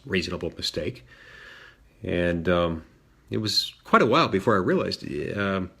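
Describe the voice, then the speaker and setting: A man's voice: lowish voice, gravelly, a bit bright, slightly rough. A man serving as a senator, telling a story in a dry, self-deprecating way with frequent fillers and restarts. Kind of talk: storytelling talk.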